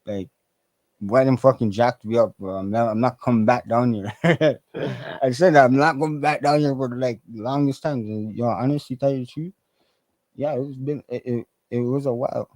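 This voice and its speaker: Mellow-voiced man telling stories. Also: medium pitch, moderate pace, no room sound, poor audio. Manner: animated, profane, acts out quoted voices. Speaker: podcast guest. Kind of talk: casual storytelling.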